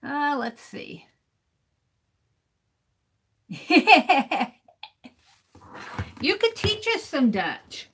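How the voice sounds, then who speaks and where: A woman's voice: sits high, big pitch swings, very slow, long pauses, fairly bright tone. A middle-aged woman artist chatting on a live stream, laughing often and sounding out words letter by letter as she reads the chat. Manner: laughs often while working. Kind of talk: casual livestream chat.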